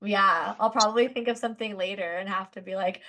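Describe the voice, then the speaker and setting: A woman's voice: mid-range voice, normal speed. A woman from Southern California chats as a podcast guest. She tells long, rambling stories with lots of fillers. She laughs easily and slips into voices when she quotes people. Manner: chatty, animated, lots of "like", laughs while telling stories. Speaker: guest musician. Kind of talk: casual podcast storytelling.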